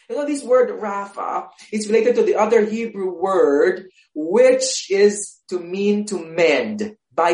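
A woman's voice: lowish voice, a little mellow. A woman pastor from the Philippines, preaching a sermon with emphatic repetition that rises to fervent peaks. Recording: echoey church hall.

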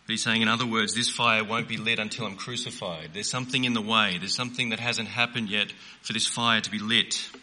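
A man preaching a sermon in an earnest, emphatic way, slowing down to stress key phrases. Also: on the low side, bright, forceful tone.

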